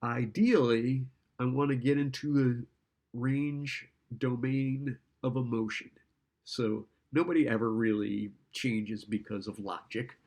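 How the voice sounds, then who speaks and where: A man's voice: mid-range voice, steady tone, slow pace, a little mellow. A man lecturing in a casual, conversational way, often checking in with "right?" and acting out client and therapist lines. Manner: conversational, keeps asking "right?".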